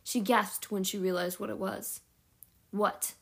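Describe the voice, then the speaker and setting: A woman's voice: mid-range voice, level tone, moderate pace, vocal fry, slightly rough. A woman reading a novel aloud at home, with small slips and self-corrections along the way. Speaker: audiobook reader.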